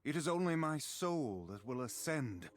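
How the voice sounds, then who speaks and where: An actor playing a pompous, stern friar who preaches in a haughty, contemptuous way. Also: male voice, mid-range voice, big pitch swings, moderate pace, lightly acted. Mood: disdainful. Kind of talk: video game voice acting.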